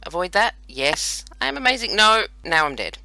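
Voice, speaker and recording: Australian man, around forty, self-mocking game commentary, lively swooping pitch, dry close sound. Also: normal speed, gravelly, no echo. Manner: chatty, self-mocking, playful running banter. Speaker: let's play host. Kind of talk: casual gameplay commentary.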